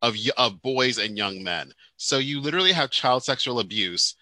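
A man co-hosting a casual chat, emphatic, often repeating himself, sometimes dropping into quiet explanation. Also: mid-range voice, expressive, moderate pace, no room sound. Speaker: podcast co-host.

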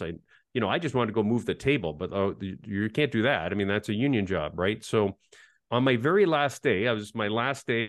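Man, 50s, professor guest, low pitch, dead-dry close mic, anecdotal and self-mocking. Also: dry recording. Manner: animated anecdotal, self-deprecating. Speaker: ergonomics professor, interview guest. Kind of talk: casual interview storytelling.

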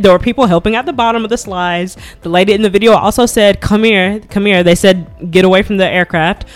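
A woman hosting a casual solo podcast, talking very fast and breaking into awkward little giggles. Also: lowish voice. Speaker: podcast host, flight attendant. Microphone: podcast mic at a laptop setup.

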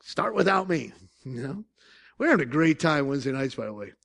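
An older man preaches in an Upstate New York accent, telling stories with jokes and laughter. His pitch swings widely and sits a bit high. His voice has a gravelly edge. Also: a little fast. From Syracuse, New York. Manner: animated, joking storytelling with laughs. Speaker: pastor. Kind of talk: sermon.

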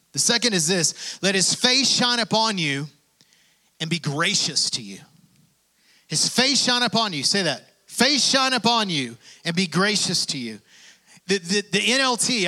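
A high-pitched, pushed, bright male voice belongs to a pastor mid-sermon. He reads scripture and rallies the audience with rising emphatic bursts and repeated cries of "come on."

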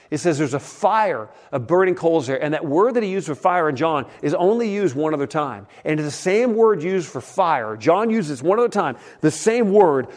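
Male pastor, somewhat high voice; relaxed, chatty sermon storytelling with quiet, intimate drops. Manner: casual storytelling preaching, often dropping to a soft hush.

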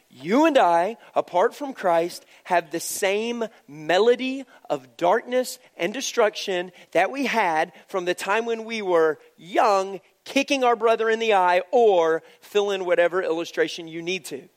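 A man preaching a sermon, telling a family story with lively acted-out voices and dropping to a hushed tone for serious points. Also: high-pitched. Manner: animated storyteller, swings from hushed to loud. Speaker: pastor.

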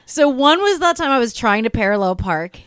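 A woman's voice: on the high side, very animated, a little fast, a bit bright, clean tone, dry recording, clean studio sound. A young woman in casual, profane chat, laughing often and telling stories with quoted voices. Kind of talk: casual chat recapping a reality show.

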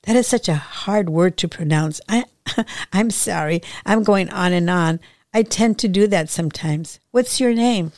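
A woman voicing a chatty, soft-spoken young female dance instructor who rambles and apologizes. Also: lowish voice, a little slow, no echo, clean studio sound, voice pushed up. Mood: friendly.

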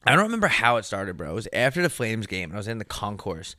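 Brief: lively twenties podcast co-host, bright forceful voice, dry close sound. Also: male voice, on the low side, fast, no room sound. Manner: animated storyteller, swears a lot. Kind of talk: casual comedic chat.

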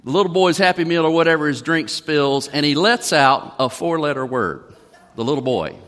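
A man's voice: a little high, animated, normal speed, fairly bright tone. A man preaching a sermon to a church congregation, folksy and conversational. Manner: folksy, conversational, reads song lyrics aloud. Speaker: pastor. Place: church sanctuary. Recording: long reverb of a church hall.

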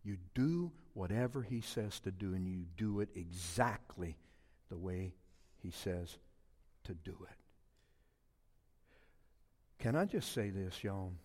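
A man's voice: low voice, expressive, slow, long pauses, a little mellow, long reverb tail. A man in his fifties from South Louisiana, preaching a sermon with emphatic, rising repeated phrases. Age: 50s. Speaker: pastor.

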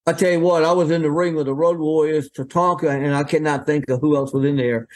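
An older man spins a rambling, folksy story as a guest. His voice sits a little high, and he jumps into quoted voices as he goes. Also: fairly even intonation, quick pace, darkish tone. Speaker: guest, veteran wrestling referee.

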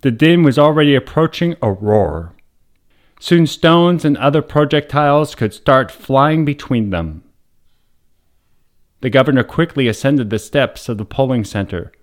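A man, a priest hosting the show, reading a wholesome story aloud in a measured, dramatic storytelling voice. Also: mid-range voice, lively intonation. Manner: measured, dramatic storytelling with raised voice for quoted shouts. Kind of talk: scripted story narration.

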